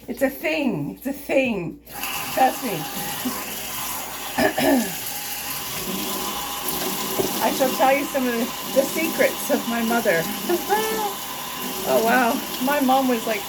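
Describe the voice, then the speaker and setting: A woman's voice: a little high, background noise. A middle-aged woman vlogging while she cleans her kitchen, chatting in a rambling, giggly way. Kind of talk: casual chat while cleaning. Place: home kitchen. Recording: dish clatter in a kitchen. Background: clattering dishes and cutlery.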